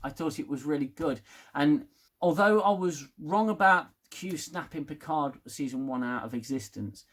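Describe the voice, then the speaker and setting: A man's voice: on the high side, expressive, moderate pace, a bit bright. Rambling man reviewing TV. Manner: rambling, swears, gets worked up. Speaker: TV review vlogger. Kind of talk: casual spoken review.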